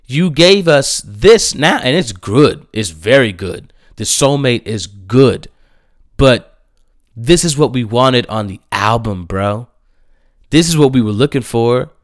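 A young man giving casual, blunt music reviews, swearing and breaking into animated, emphatic outbursts. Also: mid-range voice, no echo, clean studio sound.

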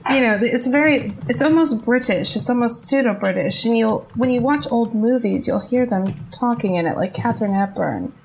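A woman guest in a casual chat, playful and quick to laugh as she explains things. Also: on the high side, a little mellow, a little hiss or hum, low-quality recording. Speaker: guest, psychologist.

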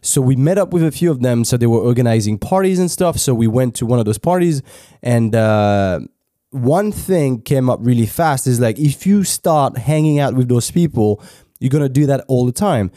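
A man's voice: mid-range voice, lively intonation, moderate pace, mellow, no room sound, studio quality. A French man, a native French speaker, hosting a language practice podcast in an unscripted, casual monologue, thinking aloud with many restarts and fillers. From France. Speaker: host of an English practice podcast.

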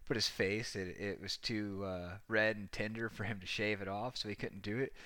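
Bright-voiced man telling a rowdy story. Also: lowish voice, steady tone, normal speed, no room sound. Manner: rambling, profane, laughing often. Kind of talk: casual anecdote telling.

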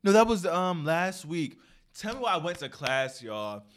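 A young man hosting a solo podcast, telling stories in a casual, profane, animated way, full of slang. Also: fairly high pitch, unhurried. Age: young adult. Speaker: podcast host.

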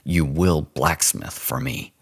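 A man voicing a stout, gruff, domineering frontier Indian agent who gives curt, menacing orders. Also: extremely low pitch, slow pace, no echo, studio quality, exaggerated voice.

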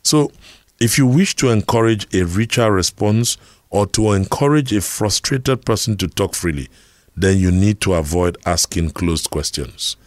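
A man's voice: fairly low pitch, measured pace, dry recording, clean studio sound. A middle-aged Nigerian man giving an earnest talk on communication, telling personal stories and asking rhetorical questions. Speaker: speaker on communication skills.

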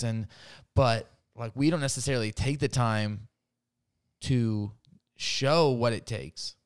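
A man's voice: mid-range voice, slow, clear, resonant tone, dry recording. Man, podcast guest, casual chat, rambling, filler-heavy, dry close sound. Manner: rambling, filler-heavy, laughs while retelling stories.

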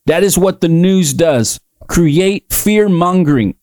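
A man's voice: high-pitched, takes it slowly, a little mellow, no echo. A man hosting a podcast, preaching in an emphatic, repetitive way that rises into fervent declarations. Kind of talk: preaching commentary.

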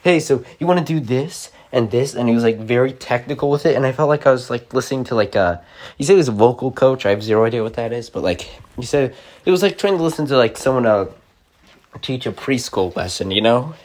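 A man's voice: medium pitch, quick pace, darkish tone. A young man rambling casually to camera, full of likes and restarts.

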